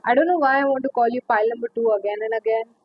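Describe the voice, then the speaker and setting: A woman's voice: fairly high pitch, rapid-fire, dry recording, dull audio. A woman giving a pick-a-card tarot reading, chatty and rambling, calling the viewer honey. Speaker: tarot reader.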